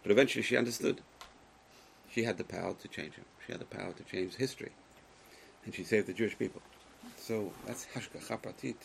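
A man giving a Torah lecture to a live class, speaking emphatically, swinging between loud exclamations and quiet asides, and putting questions to his listeners. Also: lowish voice, quick pace, gravelly, pauses often, a little hiss or hum, low-quality recording. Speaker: Torah teacher.

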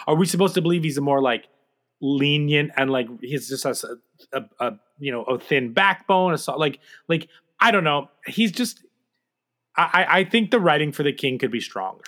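A man co-hosting a podcast in casual chat, measured and critical in his opinions. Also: on the high side, fairly bright tone. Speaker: podcast co-host.

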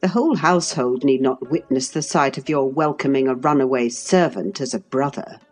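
A woman reading an audiobook, voicing a fastidious, cross gentleman husband in a peevish, dismissive tone. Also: a bass voice, faint music behind. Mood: irritable. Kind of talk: audiobook character voice.

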